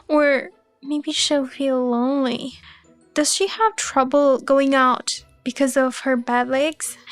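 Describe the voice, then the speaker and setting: A woman narrating a first-person story in an even, earnest way. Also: sits high, no echo. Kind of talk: scripted narration. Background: faint background music.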